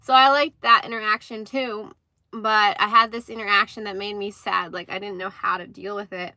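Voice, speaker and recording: Young female streamer, chatty storyteller, bright, dry sound. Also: mid-range voice, normal speed, no room sound. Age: young adult. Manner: chatty, animated retelling with acted-out quotes. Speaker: livestream host. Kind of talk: casual livestream storytelling.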